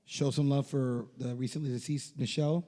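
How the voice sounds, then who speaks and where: A man co-hosting a podcast, telling an embarrassing story in casual, animated chat, swearing freely and breaking into laughter. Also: mid-range voice, a little fast, long reverb tail. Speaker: podcast co-host. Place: podcast studio.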